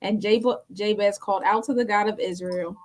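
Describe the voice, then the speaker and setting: A woman's voice: medium pitch, steady tone, normal speed, a little mellow, poor audio. A woman co-hosting a talk show, speaking in an easygoing, folksy way and reading scripture aloud. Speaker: co-host. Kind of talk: casual chat and scripture reading.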